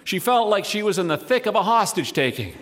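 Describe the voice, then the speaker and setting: A man reading a humorous story aloud with a wry, deadpan delivery. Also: sits high, a little fast, background noise.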